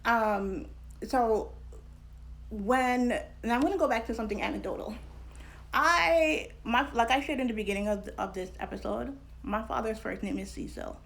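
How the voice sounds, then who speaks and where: A woman's voice: on the high side, moderate pace, creaky, fairly bright tone. A woman hosting an educational vlog. She talks in a candid, casual way, laughs often and uses slang. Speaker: vlog host and scholar.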